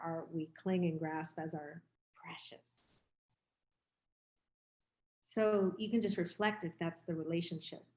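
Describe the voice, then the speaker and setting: A woman's voice: on the low side, darkish tone. A woman in her fifties giving a dharma talk as a meditation teacher, speaking in a candid, reflective, conversational way. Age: 50s. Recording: roomy echo.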